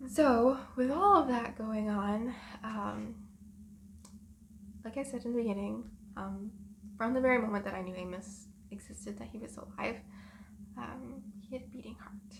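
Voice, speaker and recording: A young woman in her twenties rambling through a personal story in a vlog, soft and emotional with many pauses and ums. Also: on the high side, vocal fry, slight background noise. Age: 20s. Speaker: vlogger.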